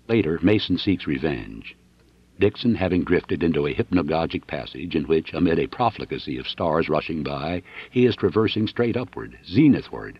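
Deep, husky male audiobook narrator. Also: lively intonation, normal speed, no echo, muffled recording. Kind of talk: scripted narration.

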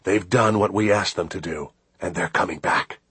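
Man reads a tense team leader, clipped and urgent, in a deep husky voice, storybook read. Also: normal speed, a bit bright, no room sound, heavily acted.

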